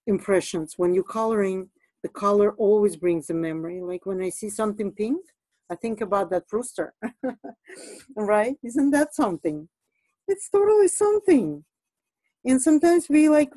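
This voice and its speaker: A woman's voice: mid-range voice, warm tone, no echo, poor audio. A woman teaching an art lesson in a chatty, casual way, laughing often and trailing off with fillers as she draws. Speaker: art instructor. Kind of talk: casual teaching while drawing.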